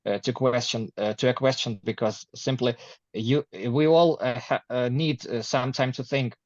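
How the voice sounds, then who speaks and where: A man practising English in a conversation class, speaking hesitantly with many pauses and restarts. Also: medium pitch, steady tone, no echo, highs cut off. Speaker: English learner.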